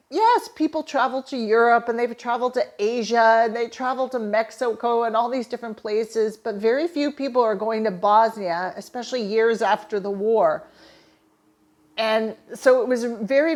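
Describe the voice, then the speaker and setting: A middle-aged woman from Canada, a holistic therapist, telling a personal story with earnest, emotional enthusiasm. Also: on the high side. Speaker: holistic therapist and manifesting coach.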